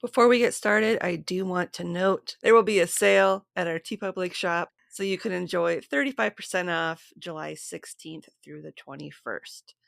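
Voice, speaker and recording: Low-voiced woman hosting a podcast. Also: moderate pace, creaky, hardly any pauses, no echo, clean studio sound. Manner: steady, reads long lists evenly. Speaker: podcast host.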